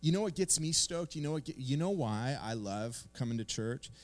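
Animated casual pastor, man. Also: medium pitch, normal speed. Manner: casual, animated storytelling with slang. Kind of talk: sermon.

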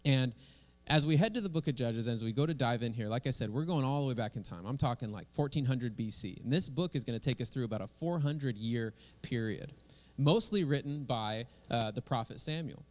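A man, a pastor, leading prayer and preaching a sermon in a relaxed, conversational way. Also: mid-range voice, fairly quick.

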